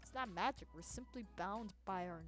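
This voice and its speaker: A woman's voice: medium pitch, normal speed, a bit bright, lightly acted. A woman voicing a haughty, aloof male Grim Reaper in a game read aloud, formal and stiff in how he talks. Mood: matter-of-fact. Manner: formal, stiff, calls others mortal. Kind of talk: reading a visual novel aloud.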